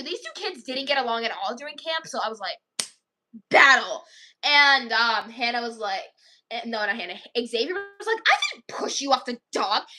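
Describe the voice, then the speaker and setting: A woman's voice: a little high, pushed and bright. A young woman casually telling a story to camera, chatty and full of "like", acting out what the kids said. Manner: chatty, acts out quoted kids, many "like"s. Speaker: vlogger.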